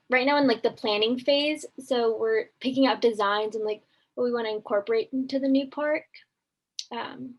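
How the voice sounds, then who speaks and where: Young woman, slightly high pitch, hesitant, filler-heavy, soft laughs. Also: poor audio. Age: young adult. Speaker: student guest. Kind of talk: casual panel answer.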